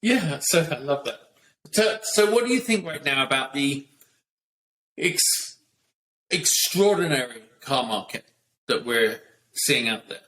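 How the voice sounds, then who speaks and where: A British man telling lively stories with laughs in a casual podcast chat. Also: mid-range voice, measured pace, pauses often. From Britain. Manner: lively anecdotal storytelling with laughs. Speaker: guest, racing driver and TV host. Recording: echoey room with faint noise.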